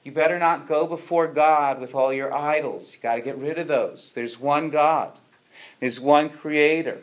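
A man's voice: mid-range voice, fairly even intonation, unhurried. A man teaching through a psalm with slides, earnest and asking rhetorical questions, with frequent "uh" fillers. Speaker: teacher of a Bible study.

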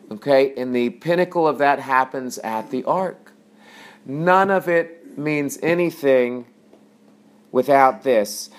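A man's voice: mid-range voice, takes it slowly. A man teaching a sermon on scripture, asking his listeners questions, answering them himself and repeating his key points. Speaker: teacher on weekly scripture portion.

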